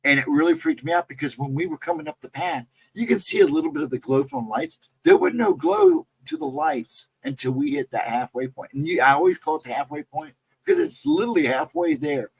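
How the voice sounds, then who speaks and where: A man casually telling a personal encounter story, rambling and jumping sharply higher in pitch when he quotes himself. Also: sing-song, fairly quick, creaky, breathy edge, no echo, low-quality recording. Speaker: guest storyteller.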